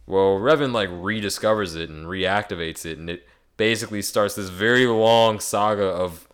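A young man co-hosting a podcast in casual chat, animated and joking, talking through long explanations with many fillers. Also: on the low side, normal speed, clear, resonant tone. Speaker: podcast co-host.

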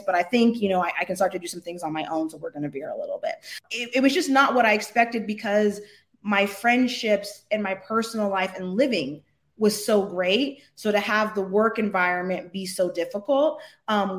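A middle-aged American woman telling a story in an interview, animated and laughing often as she acts out quotes. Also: mid-range voice. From United States. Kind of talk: casual storytelling.

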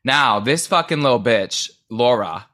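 A man co-hosting a podcast, recapping a reality show in fast, animated casual chat full of filler words. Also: mid-range voice. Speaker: podcast co-host.

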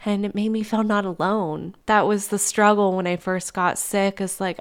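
A woman's voice: medium pitch, fairly even intonation, normal speed, hardly any pauses, smooth. A woman hosting her own podcast, talking candidly and from the heart in a conversational monologue, with the odd casual swear word. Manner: open and heartfelt. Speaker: podcast host.

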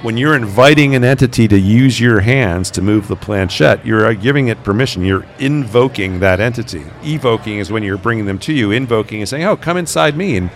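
A man, a paranormal investigator, telling stories in a relaxed interview and acting out the quoted voices. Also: lowish voice, fairly quick, hardly any pauses. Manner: animated, acts out quoted voices. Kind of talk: conversational interview storytelling.

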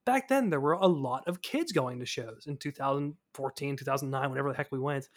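A man's voice: mid-range voice, fairly quick. A man co-hosting a casual podcast who jokes around, laughs often, and addresses listeners directly. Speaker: podcast co-host. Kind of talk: casual chat.

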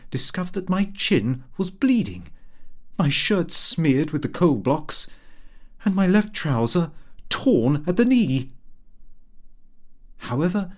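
A man's voice: mid-range voice, a little mellow. A man reading a comic first-person diary aloud as an audiobook narrator, telling it expressively.

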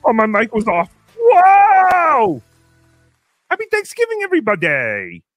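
A man voicing a brash, crude male turkey puppet as host of a comedy stream, in a squeaky, excitable voice. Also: unhurried, dry recording, faint music behind, full character voice. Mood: excited. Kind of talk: live comedy stream banter.

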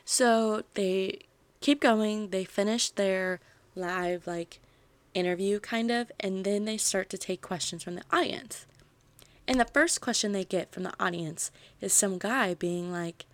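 A woman hosting a book podcast, retelling a novel's plot in a chatty, animated way with lots of "like" fillers. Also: medium pitch, a little slow. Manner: animated storytelling, frequent "like" fillers.

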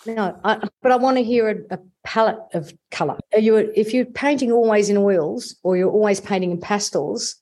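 A woman who teaches voice, talking in an animated way in a casual panel discussion and often restarting her sentences. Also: medium pitch, normal speed, hardly any pauses.

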